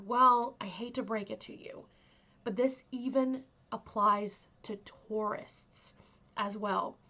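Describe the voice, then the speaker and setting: A woman hosts her own channel with a gentle, chatty delivery full of fillers and asides. Her voice sits a little high and sounds stuffy from a cold. The recording is muffled and lo-fi. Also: slow. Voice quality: aims to sound calming and kind. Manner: chatty, soft, filler-heavy. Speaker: vlog host. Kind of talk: casual chat to camera.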